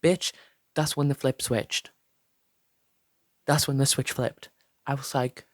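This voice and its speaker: A man's voice: mid-range voice, unhurried, long pauses, no room sound, studio quality. A young man telling a dramatic storytime vlog, swearing a lot and acting out what others said. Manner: animated, profane, acts out quotes in voices. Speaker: vlogger.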